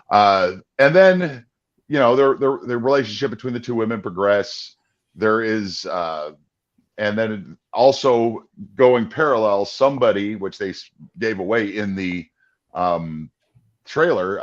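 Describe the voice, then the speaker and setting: A man's voice: fairly low pitch, lo-fi sound. A man co-hosting a casual movie discussion, rambling and restarting as he chuckles between points. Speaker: podcast co-host and voice-over performer.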